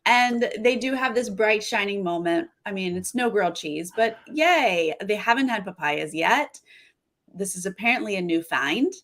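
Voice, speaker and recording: A woman's voice: medium pitch, animated, moderate pace, fairly bright tone. A woman co-hosting a casual reality TV recap, chatty and joking, sometimes acting out quotes. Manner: chatty, jokes and acts out quotes. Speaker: podcast co-host.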